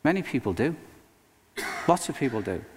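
A male pastor preaching a sermon in an earnest, emphatic way, with dramatic pauses. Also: medium pitch, big pitch swings, darkish tone, a little hiss or hum. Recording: long reverb of a hall.

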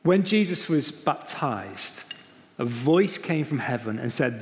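Emphatic preacher in reverberant hall. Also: male voice, medium pitch, lively intonation. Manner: emphatic, repeats key phrases, slows down for stress. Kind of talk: sermon. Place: church.

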